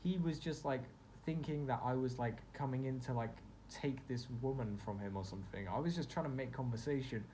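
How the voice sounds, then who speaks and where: A man's voice: medium pitch, brisk, few pauses, mellow, slight background noise. A young man telling a personal story in a casual vlog, rambling and full of fillers as he reflects on his own feelings. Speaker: vlogger.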